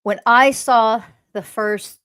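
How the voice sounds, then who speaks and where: A woman's voice: fairly high pitch, steady tone, slow, fairly bright tone, clean tone. A woman speaking as a spiritual teacher in a blunt, scolding monologue, swearing often. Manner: mocks others in quoted voices.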